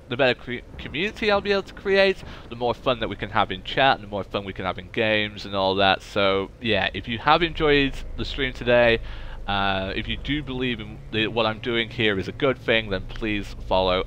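A young man, chatting excitably to viewers on his game stream through a cheap microphone. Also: lowish voice, moderate pace, a little hiss or hum. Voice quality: recorded on a cheap mic. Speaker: gaming streamer. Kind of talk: casual live-stream chatter. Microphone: cheap desk microphone.

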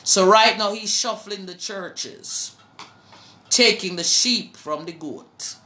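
Slow, fervent Jamaican woman preacher. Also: medium pitch, pushed and bright, reverberant. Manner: slow, fervent, breaks into song. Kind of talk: preaching to a live online audience.

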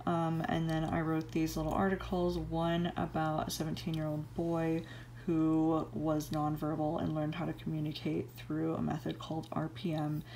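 A woman's voice: sits low, monotone, moderate pace, gravelly, mellow, slight background noise. A young woman student chatting casually in a vlog, filling her talk with "like". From United States. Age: young adult. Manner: chatty, many "like" fillers. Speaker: university student vlogger. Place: home room and campus lab.

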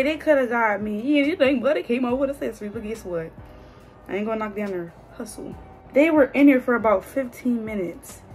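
A young woman, talking casually and excitedly to her viewers in a hair vlog. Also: on the high side. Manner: animated, exclaiming, talks straight to viewers. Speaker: hair vlogger.

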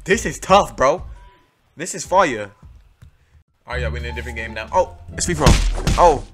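A man's voice: mid-range voice, moderate pace. Slangy young man commentating gameplay. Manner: excitable, slangy, talks to viewers while playing. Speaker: gaming YouTuber. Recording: game music playing behind. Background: video game music.

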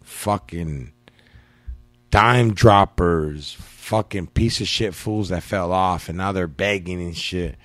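A man's voice: low voice, takes it slowly, dry recording. A man telling stories in a casual podcast chat, slangy and profane with a laid-back drawl. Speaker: podcast host.

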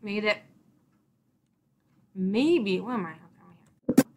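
A woman's voice: medium pitch, expressive, slow, darkish tone. A young woman giving casual gameplay commentary, rambling and exasperated, swearing mildly at the game. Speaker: let's play gamer.

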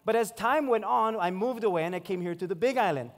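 Pastor, 40s, storytelling sermon, high pitch, reverberant sanctuary. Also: male voice, quick pace. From Hawaii. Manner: storytelling, animated acted-out quotes. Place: church sanctuary. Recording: long hall reverb.

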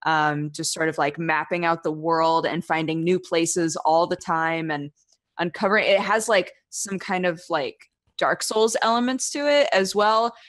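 A woman's voice: fairly low pitch, unhurried. A woman co-hosting a podcast in casual chat, talking loosely with lots of fillers, on a desk microphone. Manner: chatty and loose, with many fillers. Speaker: podcast co-host. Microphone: USB desk microphone.

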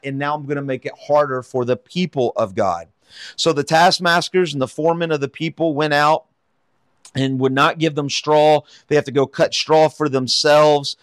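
A man's voice: fairly high pitch, no echo, studio quality. Man reading and explaining scripture. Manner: reads scripture then explains it conversationally, with fillers and rhetorical "right?". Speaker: pastor teaching a Bible study. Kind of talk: Bible reading with commentary.

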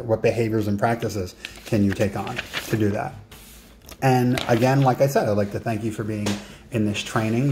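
A man's voice: lowish voice, darkish tone, slight background noise. A man giving a recorded coaching lesson, talking straight to the listener and setting writing tasks. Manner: direct, talks to the listener, gives writing tasks.

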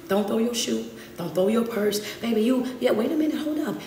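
A woman motivational speaker and life coach giving a live-streamed talk in a rhythmic, repetitive, preacher-like cadence. She often drops to soft near-whispers to comfort her listeners. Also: a little high, expressive, normal speed, hardly any pauses. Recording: roomy echo with faint background noise.

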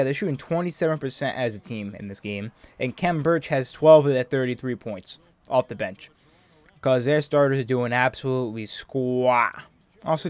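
A young man hosting his own gaming channel, chatting casually as he plays, muttering flatly at times and yelping with excitement at others. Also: mid-range voice, dry recording. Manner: chatty, shifts from flat mutters to excited yelps. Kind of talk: casual live game commentary.

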